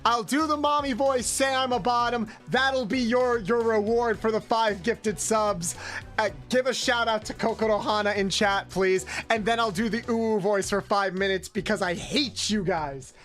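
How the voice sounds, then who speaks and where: A woman streaming from home, chatting casually with her audience and breaking into loud, mock-outraged yelling. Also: a little high, moderate pace, soft background music. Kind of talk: casual live-stream chat with chat.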